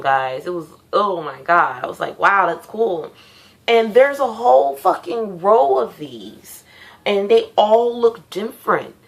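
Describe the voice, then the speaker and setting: A young woman casually telling a dream story to her viewers, animated, swearing freely and laughing as she acts out sounds. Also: medium pitch.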